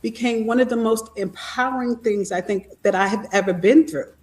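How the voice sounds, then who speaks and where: A woman's voice: a little high, normal speed, darkish tone, slight background noise. A woman guest speaking over a video call, telling her story in an earnest, reflective way. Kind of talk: personal testimony in an interview.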